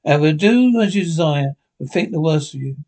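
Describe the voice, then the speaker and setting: A man reading an audiobook voices a blustering, pompous country squire who exclaims loudly. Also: a little high, expressive, moderate pace.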